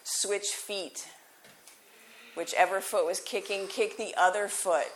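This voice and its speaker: A woman yoga teacher giving calm, encouraging cues during a live class in a yoga studio. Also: medium pitch, slow pace, a little hiss or hum.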